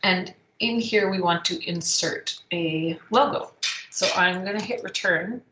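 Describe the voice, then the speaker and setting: A woman teaching a software tutorial, thinking aloud as she clicks through the steps, with frequent ums. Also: on the low side, a little slow. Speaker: instructor. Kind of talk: screen-recorded software tutorial. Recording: echoey room.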